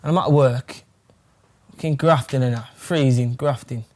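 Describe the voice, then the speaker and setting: A man's voice: mid-range voice, moderate pace, darkish tone. A young man from England, chatting casually in an interview, rambling with plenty of fillers and swearing. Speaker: fighter.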